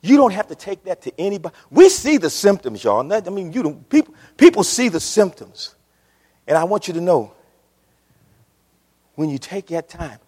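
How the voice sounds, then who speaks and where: Impassioned preacher, lively pitch. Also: male voice, husky. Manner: impassioned, repetitive, calls out to the congregation. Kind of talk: sermon. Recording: reverberant church hall.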